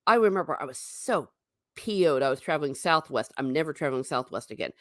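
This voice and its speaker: A woman's voice: fast talker, no room sound, studio quality. A middle-aged woman hosting a livestream, chatting casually and rambling, reading comments from chat. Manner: chatty, rambling, animated pitch swings.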